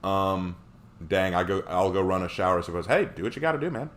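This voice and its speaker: Animated male streamer chatting with viewers. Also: low-pitched, fast. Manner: animated, joking. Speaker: live streamer. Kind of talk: casual chat reading stream comments.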